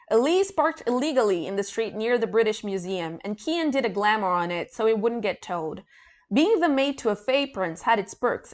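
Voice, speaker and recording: A woman with a somewhat high voice reads a novel aloud in a flat, dry tone. She keeps stopping to mock it with loud, profane sarcasm. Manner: sarcastic, swears freely, swings from flat reading to loud outbursts. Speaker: book reviewer. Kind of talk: reading aloud and ranting.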